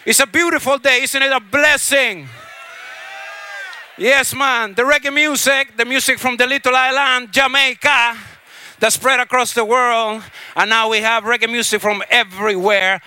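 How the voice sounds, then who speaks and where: Brief: man from Chile, festival stage MC, very high and piercingly bright voice, shouted hype and blessings. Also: steady tone, normal speed, smooth, no room sound. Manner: hyped call-and-response shouting, Rasta blessings. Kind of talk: live stage announcing.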